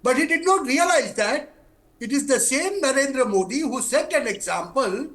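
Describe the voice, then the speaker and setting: An Indian man makes an argument on a television news panel. His voice is high for a man and very lively, rising and falling as he drives home his points in Indian English. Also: normal speed. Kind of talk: TV news debate.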